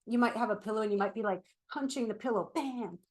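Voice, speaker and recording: A middle-aged woman therapist giving a casual, animated talk while standing up. She fills her speech with "like" and "right?". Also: medium pitch, very fast. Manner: chatty, animated, with frequent "like" and "right?"; speaking while standing and moving about. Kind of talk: casual explanatory vlog talk.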